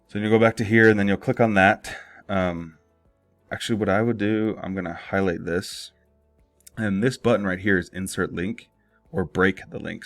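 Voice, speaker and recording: Deep-voiced young man, casual tutorial. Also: no room sound. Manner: loose and rambling, lots of fillers and self-corrections. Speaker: online marketing tutor. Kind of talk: casual screen-share tutorial.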